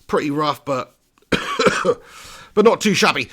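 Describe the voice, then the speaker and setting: A man hosting a live football watch-along, chatting with viewers and breaking into excited play-by-play. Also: on the high side, takes it slowly, long pauses, husky. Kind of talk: live commentary and chat reading.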